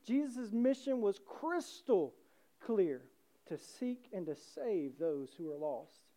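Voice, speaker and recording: Passionate preacher with a mellow voice. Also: male voice, sits high, sing-song, takes it slowly. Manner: passionate, rising emphatic preaching. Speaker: pastor. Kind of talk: sermon.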